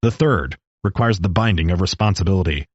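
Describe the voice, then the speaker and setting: A man voicing a wry old male talking rattlesnake in a storybook reading, calm and explaining with dry jokes. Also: low-pitched, a little fast, husky, no echo, lo-fi sound.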